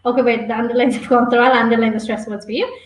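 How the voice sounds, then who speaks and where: A woman's voice: on the high side, steady tone, quick pace, roomy sound, a little hiss or hum, poor audio. A woman teaching an online exam-prep webinar, coaching students and checking in with a frequent "okay?".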